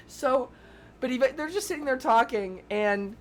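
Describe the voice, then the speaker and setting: A man's voice: extremely high pitch, expressive, moderate pace, fairly bright tone, slight background noise. A young man streaming, telling a long story casually to his live chat, padding every phrase with "like", swearing often and breaking off to thank viewers. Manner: rambling, fills every phrase with "like", swears a lot.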